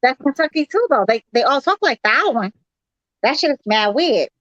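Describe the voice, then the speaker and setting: A woman's voice: sits high, very animated, moderate pace, a bit bright, dry recording, muffled recording. A woman in loose, profane, laughing group chat.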